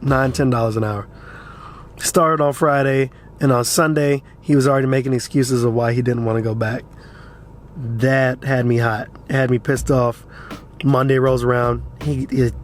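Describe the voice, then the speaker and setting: A man ranting casually to camera as a crypto vlogger, frustrated and blunt, swearing freely and urging his viewers again and again. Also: mid-range voice.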